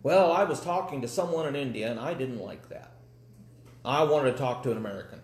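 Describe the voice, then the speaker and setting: A man's voice: mid-range voice, fairly quick, darkish tone, lightly acted. A man voicing a rude, fussy male phone caller in an indignant, whiny tone, in an echoey room.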